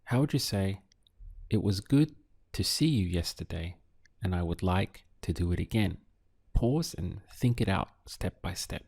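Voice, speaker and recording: A man teaching a Spanish lesson, patient and clear, repeating and spelling words slowly. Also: low voice, animated, darkish tone. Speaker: Spanish tutor. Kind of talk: slow, clear language lesson.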